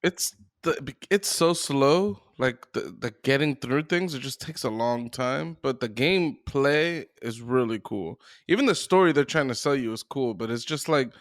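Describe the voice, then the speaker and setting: A man's voice: medium pitch, lively intonation, normal speed, few pauses, no echo, studio quality. A man co-hosting a podcast, chatting casually in a laid-back, rambling, profane way. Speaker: podcast co-host. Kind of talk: casual chat.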